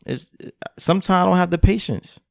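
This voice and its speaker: A man's voice: sits high, a little fast, vocal fry, no room sound, clean studio sound. A young man co-hosting a podcast in casual chat, speaking in a blunt, profane way. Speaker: podcast co-host.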